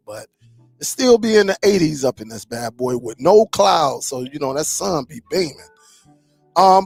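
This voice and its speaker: Gravelly laid-back man. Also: fairly high pitch, darkish tone, no room sound. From Michigan. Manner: laid-back, greets viewers by name, slangy. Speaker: streaming channel host. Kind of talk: casual live-stream chat.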